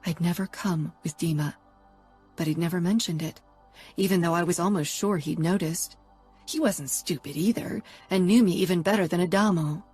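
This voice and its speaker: A woman reading a first-person romance audiobook in a steady, intimate narration. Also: lowish voice, normal speed, slightly rough, faint music behind.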